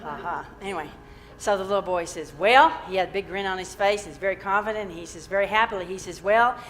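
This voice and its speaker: A woman's voice: mid-range voice, fairly even intonation, fast talker, fairly bright tone, big-room sound, slight background noise. A woman minister giving a sermon in a church, storytelling with easy humor and encouragement. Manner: encouraging, uplifting. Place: church sanctuary.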